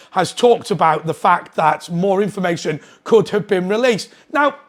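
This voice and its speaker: Indignant high-voiced man. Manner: indignant, with pointed rhetorical questions. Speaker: political commentator. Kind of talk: opinionated monologue to camera.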